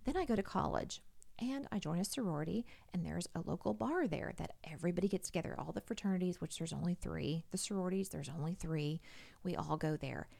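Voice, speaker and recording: Woman, middle-aged, podcast guest, casual storytelling, gravelly, swooping pitch, acts out quotes. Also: fast. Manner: animated, acts out quoted voices.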